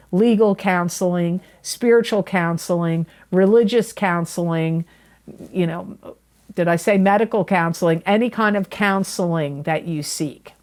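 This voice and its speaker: A woman's voice: on the low side, darkish tone. A woman reading tarot for viewers in a chatty, earnest way, often repeating herself and correcting her own words. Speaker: tarot reader. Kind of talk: monthly astrology forecast to camera.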